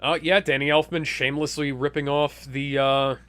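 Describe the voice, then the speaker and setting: A man's voice: fairly high pitch, flat delivery, moderate pace, fairly bright tone, clean tone. A man casually riffing on a movie as a commentary co-host, sarcastic and exasperated, swearing freely.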